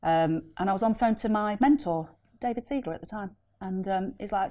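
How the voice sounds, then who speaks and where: A woman telling an animated, laughing story as a deal packager on a casual property panel. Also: medium pitch, fairly quick, hardly any pauses. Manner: animated, laughing, acts out voices in her story.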